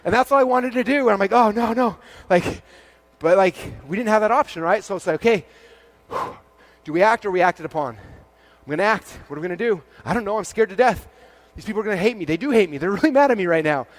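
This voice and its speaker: A man in his forties giving an energetic keynote talk on a conference stage, acting out dialogue in quick quotes and peppering his speech with "like.". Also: high-pitched, no room sound. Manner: animated, acts out dialogue in quick quotes, frequent "like". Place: large event stage before a live audience.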